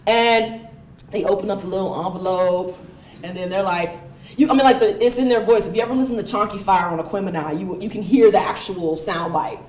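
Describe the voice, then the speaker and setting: A woman giving a university lecture, telling the story in a lively, animated way with frequent laughter. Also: medium pitch, brisk, recorded from a distance. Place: lecture room. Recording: roomy hall sound.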